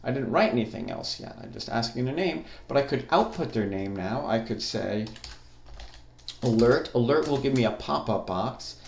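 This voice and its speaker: In this screen-recorded coding lesson, a man with a gravelly, medium-pitched voice explains each step at normal speed while typing. He stays relaxed, thinking aloud at the keyboard. The room is echoey, and there's a little hiss or hum.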